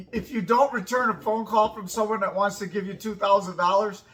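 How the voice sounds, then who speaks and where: A woman in her fifties telling a personal story in a casual, emphatic way, acting out both sides of each exchange. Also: medium pitch. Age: 50s.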